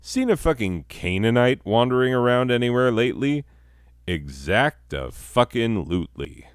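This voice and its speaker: A man's voice: medium pitch, big pitch swings, normal speed, clear, resonant tone, dry recording, clean studio sound. A man hosting a comedy podcast, delivering a profane, sardonic satirical monologue and laughing at his own jokes.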